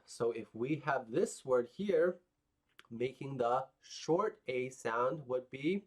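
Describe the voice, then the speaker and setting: A man's voice: medium pitch, lively intonation, slow pace. A man teaching phonics to young children, patient and encouraging, repeating sounds for them to copy.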